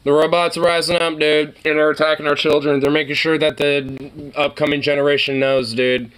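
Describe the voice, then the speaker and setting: A man's voice: fairly high pitch, flat delivery, fairly quick, a bit bright, smooth. A man streamer doing casual, rambling reaction commentary, swearing and laughing often.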